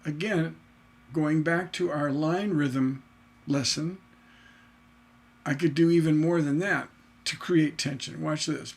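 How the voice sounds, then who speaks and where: A man teaches songwriting on a livestream with a gravelly, fry-edged voice that sits a little high for a man. He talks slowly and thinks out loud, breaking into animated chanted rhythms to make his point.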